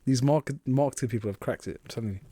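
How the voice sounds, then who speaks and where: A man chats on a podcast, quick to laugh and swear as he gets carried away. His voice sits mid-pitch and the sound is dry and close, with no room around it. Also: slightly rough, dry recording. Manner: laughs often, excitable, swears casually. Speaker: podcast co-host. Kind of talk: casual chat.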